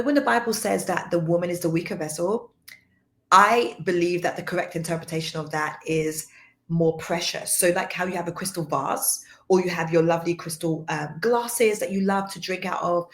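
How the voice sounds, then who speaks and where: A woman giving a livestream faith teaching, soft-spoken and earnest, repeating points for emphasis. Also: lowish voice. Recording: roomy echo.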